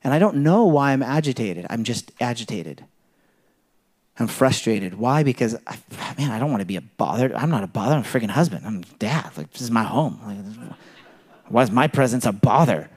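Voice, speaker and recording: A man's voice: medium pitch, a little fast. Conversational man preaching a sermon. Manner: conversational, animated preaching with rhetorical questions. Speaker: pastor.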